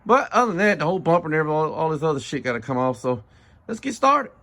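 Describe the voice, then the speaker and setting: A man's voice: on the high side, sing-song, very fast, bright, forceful tone, dry recording. A man narrating a casual do-it-yourself car repair, swearing freely and joking with dry sarcasm while he works on a car. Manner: profane, sarcastic, laid-back. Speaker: DIY car repair vlogger. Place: garage or driveway, working on a car.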